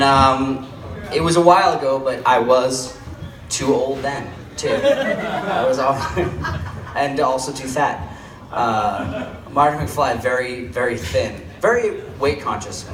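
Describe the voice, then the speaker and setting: A man hosting a live comedy show, rambling loosely with fillers and laughs. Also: medium pitch. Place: comedy club stage. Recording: roomy club sound from a distant mic, with noise.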